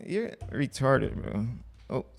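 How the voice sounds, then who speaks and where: A man's voice: mid-range voice, big pitch swings, slow pace, vocal fry, dry recording. A young man hosting a casual livestream, reading online posts aloud and commenting bluntly with profanity. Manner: blunt, profane, offhand asides.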